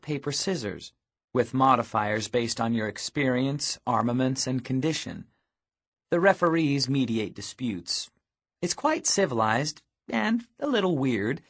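Male narrator at an average pitch, reading a story in a dry, wry, matter-of-fact way. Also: a bit bright. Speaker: audiobook narrator. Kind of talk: scripted first-person narration.

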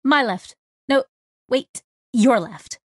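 A woman reading a brash young female mechanic with a loud, bouncy, cheeky manner in an audiobook. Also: a little high, slow, no echo, studio quality, voice pushed up. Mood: offhand. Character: brash young female mech tech, irreverent.

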